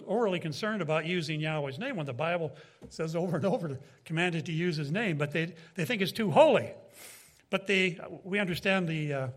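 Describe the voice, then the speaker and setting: A preacher with a notably high-pitched, slightly bright voice gives a Bible teaching in sermon style. His emphatic delivery rises and falls, and he frequently turns to his listeners with quick asides.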